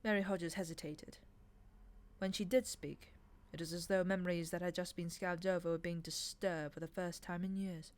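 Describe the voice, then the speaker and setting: A woman calmly reading a novel aloud in a relaxed stream, with small slips. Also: fairly low pitch, normal speed. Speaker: reader. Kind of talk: audiobook reading.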